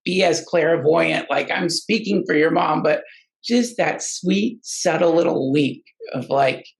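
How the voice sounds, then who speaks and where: Gravelly man telling a halting story. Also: on the high side, rough recording. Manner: halting and rambling, many restarts. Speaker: guest storyteller. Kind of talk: casual personal storytelling.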